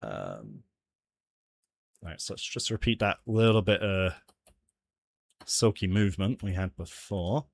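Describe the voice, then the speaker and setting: A man's voice: low voice, very animated, a little slow, gravelly, pauses often. A man chatting casually while working on his game live, often laughing and muttering to himself. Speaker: game developer streaming his jam entry.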